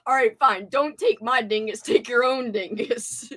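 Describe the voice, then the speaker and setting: A woman's voice: a little high, measured pace, a bit bright. A young woman hosting a casual livestream chat at home, giggly and playful, her voice tired. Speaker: livestream host.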